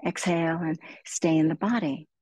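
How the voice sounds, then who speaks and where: A middle-aged woman teaching meditation, guiding listeners slowly and soothingly through body, breath and heart. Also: low voice, steady tone, husky, no room sound, rough recording. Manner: slow, soothing, gently encouraging. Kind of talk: guided meditation talk.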